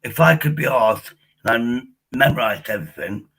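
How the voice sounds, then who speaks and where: A man's voice: medium pitch, lively intonation, normal speed, gravelly, fairly bright tone, poor audio. A man hosting a livestream, angrily swearing and interrupting in a heated argument, losing his voice. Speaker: livestream host.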